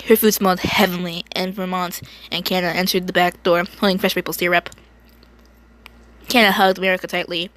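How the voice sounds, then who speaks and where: A woman's voice: fairly low pitch, little pitch movement, brisk, fairly bright tone. A woman reading a fan story aloud, often stumbling, repeating words and stopping to make asides. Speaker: reader.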